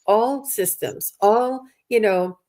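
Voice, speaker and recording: A woman host talks reflectively in a casual interview, pausing often and leaning on fillers as she shapes her thoughts. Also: medium pitch, warm tone. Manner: thoughtful, halting, frequent "you know".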